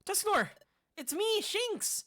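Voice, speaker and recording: A woman voicing a small, jumpy young cub who stammers in a high, panicky voice in a fan dub of a game. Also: big pitch swings, slow, fairly bright tone, heavily acted.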